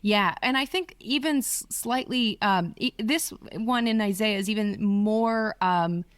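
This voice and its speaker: A woman biblical scholar in casual panel talk, lively and dramatizing quotes with sudden jumps in pitch. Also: unhurried, smooth, no room sound. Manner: animated, acts out quoted voices with big pitch jumps.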